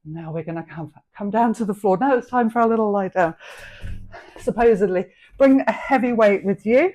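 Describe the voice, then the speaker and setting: A woman's voice: mid-range voice, brisk, darkish tone, soft background music. Woman coaching a live workout class. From England. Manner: encouraging, cueing reps and form. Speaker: fitness instructor.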